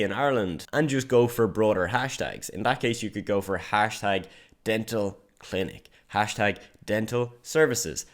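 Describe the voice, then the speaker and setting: A young man giving an online marketing lesson in a direct, emphatic coaching manner. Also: lowish voice.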